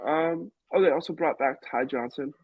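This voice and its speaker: An excitable man co-hosting a casual sports podcast, his voice slightly husky and pitched a little high. He keeps jumping in with bold takes. The sound is dry and close. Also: normal speed, no room sound, narrow, tinny audio. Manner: excitable, jumps in with hot takes. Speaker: podcast co-host.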